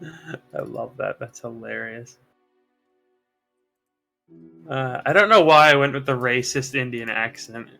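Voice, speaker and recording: A man of middling pitch talking in a chatty, easygoing way with fellow players and swearing freely. His tone is bright and forceful, and faint music plays behind him. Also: moderate pace, gravelly. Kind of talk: casual chat before a tabletop game.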